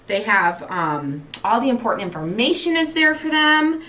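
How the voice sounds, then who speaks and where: A woman's voice: fairly high pitch, big pitch swings, normal speed, sharp tone. A woman in her forties hosting a craft show, chatting casually and gushing with emotion. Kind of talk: casual livestream chat while crafting.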